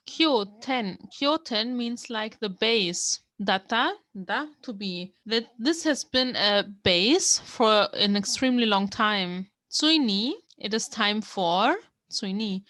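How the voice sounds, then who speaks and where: A woman's voice: fairly high pitch, animated, slow, a bit bright, dry recording, clean studio sound. A young woman from Germany, giving a casual language lesson and explaining a manga text word by word as she thinks aloud. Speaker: language learner teaching from a manga.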